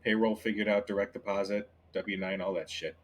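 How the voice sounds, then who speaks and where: A man's voice: on the low side, little pitch movement, a little fast, close to an everyday voice. A man voicing a chatty, affable skeleton who talks in a dry, offhand, joking way. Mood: businesslike.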